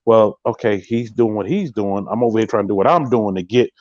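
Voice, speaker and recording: Man, live podcast host, casual chat, rapid delivery, emphatic, dry close sound, slightly muffled audio. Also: fairly low pitch, a little mellow, no echo. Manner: emphatic, repeats catchphrases, speaks straight to viewers.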